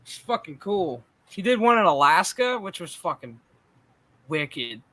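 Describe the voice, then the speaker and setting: A man hosting a casual stream chat, telling animated, profane stories. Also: sits high, a little slow. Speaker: streamer host.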